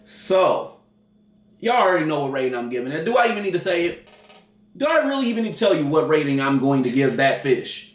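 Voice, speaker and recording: A man co-hosting a casual food review, talking in an animated, playfully dramatic way. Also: fairly high pitch, a little fast. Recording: roomy and distant with faint noise.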